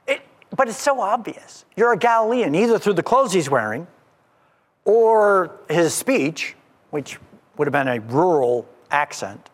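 A male preacher talks slowly and deliberately through a sermon, pressing each point with emphatic repetition. His high voice swoops up and down. It rings out with long reverb in a church sanctuary. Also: sing-song. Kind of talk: expository sermon.

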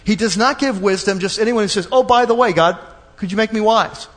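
A man preaching a sermon in a lively, conversational way, acting out little asides for the congregation. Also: high voice, brisk, big-room sound. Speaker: pastor.

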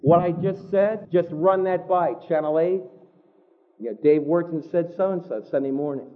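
High-voiced preacher on a tinny line. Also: male voice. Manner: vivid storytelling, shifts between slow emphasis and quick asides. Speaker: pastor. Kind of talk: sermon. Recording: tinny phone-like sound.

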